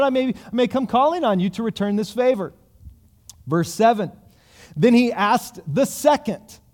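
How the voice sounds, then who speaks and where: A male pastor preaching a sermon, retelling a parable and acting out the characters' lines in a lively storytelling manner. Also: high-pitched.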